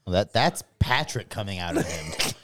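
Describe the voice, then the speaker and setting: A man's voice: low-pitched, expressive, normal speed, a bit bright. A young man co-hosting a casual podcast chat, loose and laughing, swearing often. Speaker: podcast co-host.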